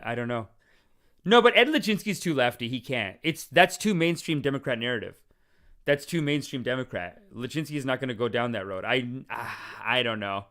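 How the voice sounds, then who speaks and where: A man's voice: mid-range voice, fairly bright tone. A man hosting a podcast in casual, rambling, joking talk, swearing and laughing often. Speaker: podcast host. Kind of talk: casual chat.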